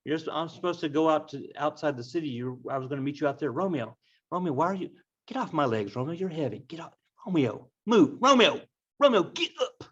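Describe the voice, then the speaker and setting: A man voicing a groggy, exasperated teenage girl, pitching his voice up. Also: quick pace, husky. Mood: groggy, annoyed. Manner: exasperated, bossy. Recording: dull lo-fi recording.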